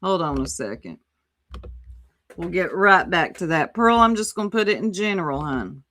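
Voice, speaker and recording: A woman's voice: on the low side, animated, moderate pace, fairly bright tone. A woman hosting a casual commentary livestream, sassy and exclamatory, reading chat aloud and reacting to a clip. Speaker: livestream host.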